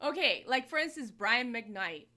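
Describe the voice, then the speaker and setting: Bright, blunt woman giving song critiques. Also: on the high side, expressive, unhurried. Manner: blunt, coaching, teasing. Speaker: music review host. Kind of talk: live-stream song critique.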